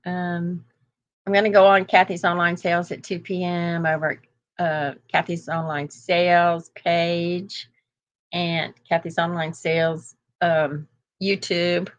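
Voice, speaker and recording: Slow-talking chatty older woman host. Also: fairly low pitch, little pitch movement, lo-fi sound. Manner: chatty, rambling, laughs often. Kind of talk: casual chat.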